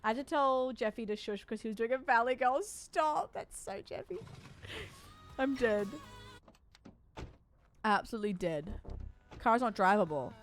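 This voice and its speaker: A woman from Australia with a soft Australian accent, chatting casually with her viewers while streaming a game. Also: on the high side, expressive, a little slow, pauses often, soft background music. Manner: chatty storyteller, talks to her chat by name. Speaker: livestreamer.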